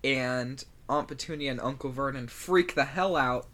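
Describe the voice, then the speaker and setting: A woman's voice: a bass voice, normal speed, a bit bright. A woman co-hosting a book podcast, recapping the chapter in a dry, wry casual way. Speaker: podcast co-host.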